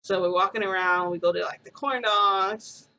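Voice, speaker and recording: A woman's voice: medium pitch, fairly even intonation, moderate pace, pushed and bright, poor audio. A woman vlogger casually telling a first-person story, rambling and full of "like" fillers.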